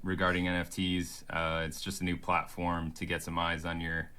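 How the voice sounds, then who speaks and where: A man's voice: sits low, monotone, normal speed, bright, forceful tone, clear, resonant tone. A man explaining himself to camera in a hesitant way, with many fillers. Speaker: NFT artist in a clip. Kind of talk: talking-to-camera explanation video.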